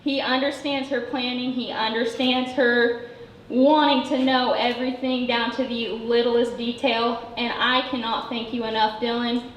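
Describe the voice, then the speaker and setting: A woman's voice: fairly high pitch, flat delivery. Choked-up woman giving a wedding toast. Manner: choked up, halting, affectionate. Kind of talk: emotional wedding speech. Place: wedding reception room. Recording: echoey room with background noise.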